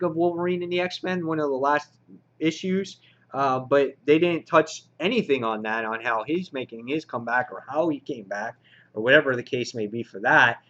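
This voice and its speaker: A man's voice: medium pitch, fairly bright tone, highs cut off. A man reviewing comic books in a casual, rambling way with many fillers, sounding frustrated.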